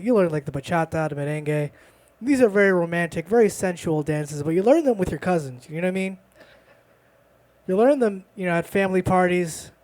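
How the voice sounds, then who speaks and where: A man of Dominican background does stand-up on a bar stage. His voice sits a touch high. He jokes about himself and keeps up loose, teasing banter with the room. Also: darkish tone. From Dominican family background. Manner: playful, self-deprecating banter with the crowd. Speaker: stand-up comedian. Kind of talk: stand-up comedy set. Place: bar stage at a live open mic.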